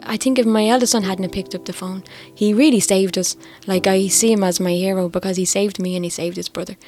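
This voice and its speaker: A middle-aged Irish woman telling her own story, candid and reflective, quietly emotional. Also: medium pitch, fairly even intonation, a little fast. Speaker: interviewee. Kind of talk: personal testimony. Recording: faint music underneath.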